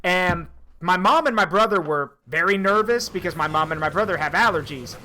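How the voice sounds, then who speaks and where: A man streaming a game, telling stories in an animated way with swearing and asides, in casual chat. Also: high voice, brisk, a little hiss or hum. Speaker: streamer and host.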